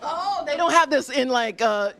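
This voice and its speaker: High, lively woman gushing over food. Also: normal speed, a crowd in the background. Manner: effusive, gushing, laughs often. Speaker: roving host interviewing diners. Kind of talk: live stream chat. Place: restaurant.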